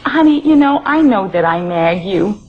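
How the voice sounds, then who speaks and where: A woman's voice: medium pitch, big pitch swings, normal speed, very noisy, lightly acted. A woman playing a middle-aged mother who dotes on her son, nags him and lays on the guilt in a comedy sketch. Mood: doting. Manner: wheedling and guilt-laying. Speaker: comedy performer. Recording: dull old comedy record with audience laughter.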